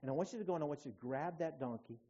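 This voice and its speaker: A calm, assured male teacher gives instructions in a low, quiet, matter-of-fact way, put on by a preacher mid-sermon. His voice sits a bit higher than most men's. The recording is dull and lo-fi. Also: racing, close to an everyday voice.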